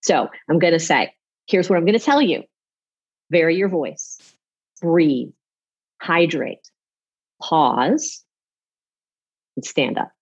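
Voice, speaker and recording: A woman speaking as a public speaking coach in an off-the-cuff interview, animated and demonstrating with her voice. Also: deep voice, slow pace, pauses often, slightly rough, highs cut off.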